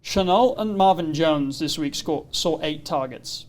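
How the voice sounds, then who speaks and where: A man co-hosting a casual podcast, ranting in an animated way. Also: a little high, measured pace. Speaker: podcast co-host.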